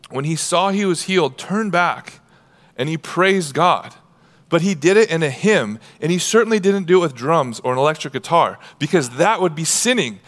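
A male pastor preaching a sermon, animated, moving between hushed passages and shouting. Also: on the high side, long reverb tail. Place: church sanctuary.

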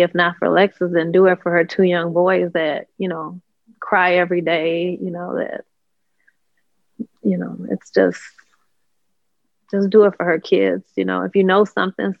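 Grieving, gravelly, flat-voiced guest. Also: medium pitch, a little slow, pauses often, no echo, highs cut off. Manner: grieving, soft, pleading. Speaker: relative of a crime victim, guest. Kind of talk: emotional interview plea.

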